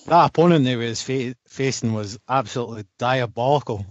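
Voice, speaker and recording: A man's voice: medium pitch, a little fast, no room sound, muffled recording. A man co-hosting a casual podcast chat, enthusiastic and swearing freely, often trailing off mid-sentence. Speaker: podcast co-host. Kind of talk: casual chat about boxing.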